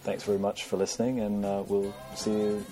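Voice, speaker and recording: Low-voiced rambling man. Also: flat delivery, fairly quick, over music. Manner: rambling, self-deprecating, many fillers. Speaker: podcast host. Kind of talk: casual chat.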